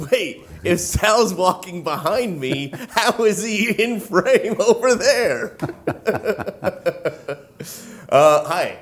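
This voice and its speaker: Animated, unhurried man player. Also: high voice. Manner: giggly, unhurried. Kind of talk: casual chat.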